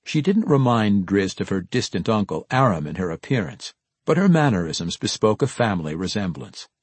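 Low husky male audiobook narrator. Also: very animated, moderate pace, no room sound. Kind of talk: scripted narration.

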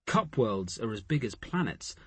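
Narrator doing teasing male traveller, slow, dry husky read. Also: medium pitch, very animated, dry recording. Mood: coaxing.

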